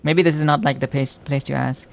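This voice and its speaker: A man's voice: medium pitch, fairly even intonation, brisk, vocal fry. A man streaming a game, chatting casually, teasing his viewers and laughing often as he reacts to chat. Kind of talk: casual live-stream chat while playing.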